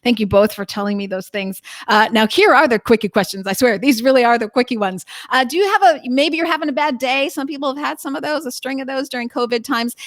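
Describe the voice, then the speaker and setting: A woman hosting an interview, upbeat and affirming, asking quick questions. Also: on the high side, a bit bright, no echo, studio quality. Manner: upbeat, affirming, with frequent backchannel murmurs. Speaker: host.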